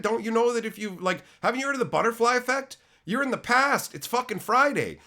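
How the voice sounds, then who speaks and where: A middle-aged man live-streaming, who is sick and losing his voice, loudly and profanely mock-insulting his chat. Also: extremely high pitch, big pitch swings, brisk, hardly any pauses. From Canada. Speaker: card-opening streamer.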